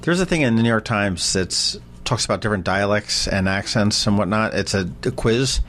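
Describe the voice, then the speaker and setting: A man's voice: fairly low pitch, animated, normal speed, fairly bright tone. A man from Philadelphia co-hosting a casual podcast chat at a kitchen table, in a laid-back, chatty way. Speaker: co-host.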